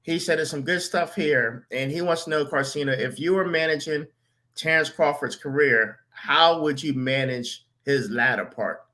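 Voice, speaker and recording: A man hosting a casual podcast chat, giving shout-outs and reading out viewer questions. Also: on the high side, normal speed. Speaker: podcast host.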